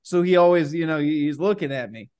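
A young man co-hosting a podcast in casual chat, loose and profane and quick to laugh. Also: on the high side, darkish tone, clean tone, highs cut off. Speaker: podcast co-host.

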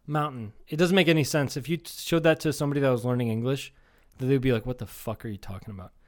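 A man's voice: medium pitch, fast talker. A man in his thirties from Iowa, co-hosting a comedy podcast and telling rambling, profane stories in casual chat. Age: 30s. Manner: rambling storyteller, swears a lot, mimics people. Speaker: podcast co-host.

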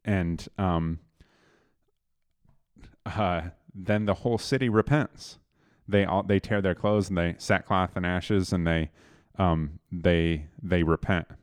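Very deep-voiced man retelling a Bible story. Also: takes it slowly, dry recording, clean studio sound. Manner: animated retelling, paraphrasing scripture in plain speech.

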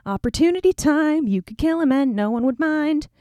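A woman's voice: high voice, animated, normal speed, dark tone, no echo, voice pushed up. A woman voicing an eager band of male soldiers urging their leader on. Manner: urging, conspiratorial.

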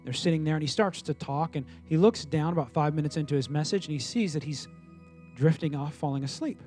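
A pastor preaching a sermon, telling a story with lively acted-out dialogue. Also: male voice, a little high, a little fast, faint music behind. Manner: animated storytelling, voices quoted people.

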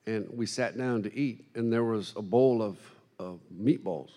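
A man preaching a sermon, telling funny stories in an animated, self-deprecating way to a congregation. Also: fairly low pitch, a little slow. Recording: long hall reverb.

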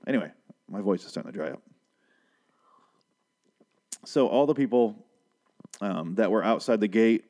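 Profane, rambling low-voiced man. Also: darkish tone. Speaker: TV episode recapper. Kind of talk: casual recap monologue.

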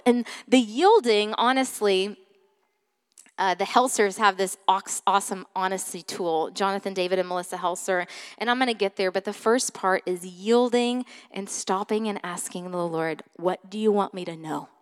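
Woman pastor, sermon, casual storytelling, somewhat high voice, swings loud to whispered. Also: moderate pace, smooth, big-room sound. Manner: conversational storytelling with many fillers.

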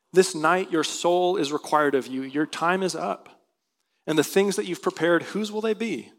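A man's voice: on the high side, a bit bright. A male pastor preaching a sermon, reading scripture aloud and explaining it earnestly. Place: church sanctuary.

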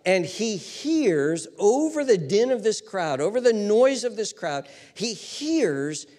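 A male pastor preaching a dramatic sermon, swinging between loud shouts and hushed whispers, in a church hall. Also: high voice, sing-song, slow pace. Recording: long hall reverb.

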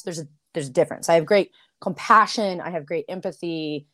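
A middle-aged woman in casual conversation on a podcast, telling stories with lively acted-out dialogue. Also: lowish voice, brisk. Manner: animated storyteller, acts out quoted dialogue.

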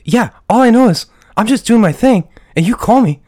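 Guy playing a defensive dim action hero, quick and a bit high. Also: lively intonation, dark tone.

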